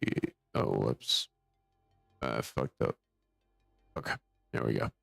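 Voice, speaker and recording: A deep-voiced young man streams a game from his desk, speaking close to the microphone in a dry, dead room. His low voice carries a gravelly edge, and he alternates loose chat with reading the dialogue aloud. Faint music runs underneath. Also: slow, a bit bright, dry recording. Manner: offhand, swears at slip-ups.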